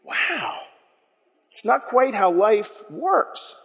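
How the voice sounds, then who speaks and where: A man preaching a sermon, animated and joking with his congregation in a church hall. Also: sits high, drawn-out words, creaky. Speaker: pastor.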